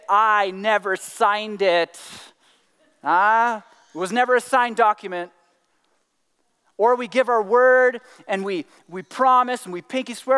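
A man preaching a sermon in an animated way, acting out excuses in little voices and dropping to quiet emphasis. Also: very high-pitched, clean tone, big-room sound. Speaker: pastor.

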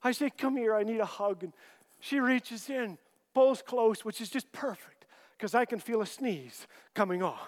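A middle-aged man telling gentle, wry family stories with dry punchlines. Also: high-pitched, expressive, normal speed, big-room sound. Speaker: Christian humorist and author. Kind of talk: storytelling talk.

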